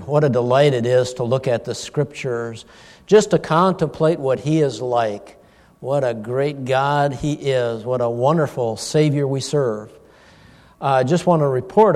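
A middle-aged man, a pastor, giving an informal sermon, telling a personal story in a folksy, animated way with chuckles. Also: medium pitch. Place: church hall. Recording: long church-hall reverb.

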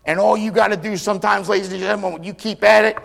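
A man preaching a sermon, retelling scripture stories dramatically and voicing the people in them, swinging from loud cries to near whispers. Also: high voice, steady tone, quick pace, vocal fry. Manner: dramatic storytelling, acting out quotes with big swings in volume.

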